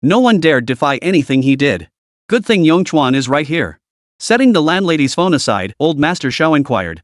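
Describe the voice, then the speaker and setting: A man's voice: on the high side, moderate pace, no echo, clean studio sound. A man narrating a dramatic story recap in a scripted reading voice. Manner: lively storytelling, reads all characters' lines himself.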